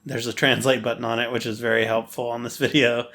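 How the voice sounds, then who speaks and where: Woman co-host, very deep voice, relaxed chat, quick laughs and backchannels. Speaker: podcast co-host. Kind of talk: casual movie recap chat.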